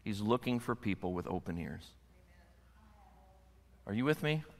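An older man, a pastor, preaching a sermon to his congregation, animated and acting out the voices of his kids and wife. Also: lowish voice, moderate pace, in a large hall. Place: church sanctuary.

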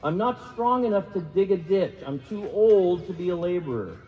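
A man's voice: sits high, lively intonation, normal speed. A man voicing a fired middle-aged estate manager who worries aloud about his future and then schemes. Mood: anxious. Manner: worried, rising self-questioning. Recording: reverberant hall, dull lo-fi sound.

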